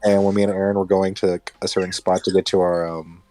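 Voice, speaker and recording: Low-voiced young man, swearing casually. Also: quick pace, faint music behind, rough recording. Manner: profane, animated storyteller. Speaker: podcast co-host. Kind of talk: casual chat among friends.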